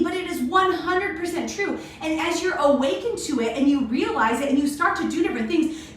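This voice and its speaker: A woman's voice: high-pitched, a little hiss or hum. A woman hosting a daily live video, talking casually and animatedly to her viewers. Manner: chatty, animated, addresses viewers as "you guys". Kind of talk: casual motivational talk. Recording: very echoey room, voice far from mic.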